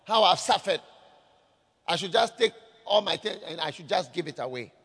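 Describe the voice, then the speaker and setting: A man's voice: high-pitched, expressive, normal speed, fairly bright tone, slightly rough, voice pushed down, full character voice. A preacher mocking a scornful stingy rich man. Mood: indignant. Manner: mocking, incredulous repetitions. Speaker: pastor. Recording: echoey hall reverb.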